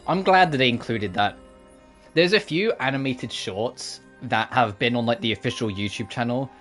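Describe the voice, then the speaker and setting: A young man reacts to a game on a live stream in a loose, chatty way. He is openly emotional and laughs often, his voice sitting at an ordinary middle pitch. Faint music plays under his talk. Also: fairly bright tone. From United Kingdom. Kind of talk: casual live commentary.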